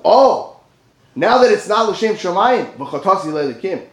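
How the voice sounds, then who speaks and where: High-voiced animated man teaching Torah. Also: measured pace. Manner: animated, dips low for asides and rises for emphasis. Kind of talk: Torah class. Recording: roomy echo.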